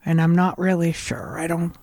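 A woman's voice: fairly low pitch, little pitch movement, moderate pace, warm tone, dry recording, studio quality. A middle-aged woman with a New England accent telling candid, rambling stories in a casual conversation. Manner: rambling, candid storytelling with restarts.

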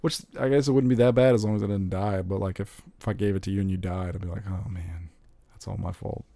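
A man in casual chat, rambling and excitable, swearing freely as he talks about movies. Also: deep voice, quick pace, creaky, no room sound. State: recently recovered from covid.

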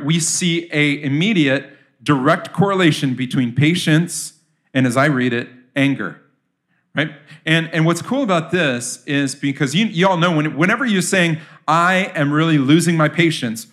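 A man's voice: a little high, fairly bright tone. A man preaching to a congregation in a church. He talks casually and often turns questions back to his listeners. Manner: conversational, asks the audience questions. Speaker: pastor. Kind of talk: sermon.

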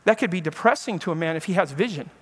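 Pastor, male, high voice, lively storytelling preacher who plays out the quotes. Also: fast talker, husky. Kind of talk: sermon.

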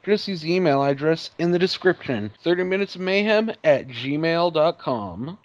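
A man's voice: fairly high pitch, animated, normal speed, no echo. A man co-hosting a comedy podcast, rambling and swearing freely. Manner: rambling, profane. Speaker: podcast co-host. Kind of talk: casual podcast banter. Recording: dry, dull lo-fi mic.

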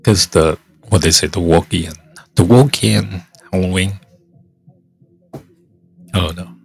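A podcast host, a man with a congested, hoarse voice, rambling in casual chat, halting and trailing off as he thinks aloud. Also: sits low, faint music behind.

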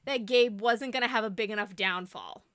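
A woman co-hosting a casual podcast chat about a TV show, animated and acting out lines from it. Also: a little high, a little fast, no room sound, clean studio sound. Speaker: podcast co-host.

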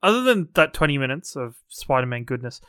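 A man's voice: mid-range voice, sing-song, a little fast, a bit bright, clean tone, no room sound, clean studio sound. A man co-hosting a casual film podcast, talking loosely and laughing often. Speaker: podcast co-host.

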